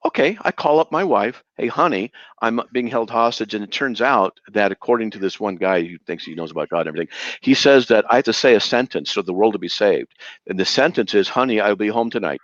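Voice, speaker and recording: A man's voice: on the low side, very animated, fast talker, dry recording. A man debating, interrupting and firing back sarcastic, incredulous questions. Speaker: debater defending a belief. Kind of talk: heated live debate. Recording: dull, dry lo-fi sound.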